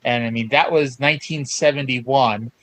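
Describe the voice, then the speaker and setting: A man's voice: medium pitch, fairly even intonation, moderate pace, a bit bright, low-quality recording. A man hosting a podcast, recapping old wrestling in an enthusiastic, chatty way. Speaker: podcast host. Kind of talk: casual chat.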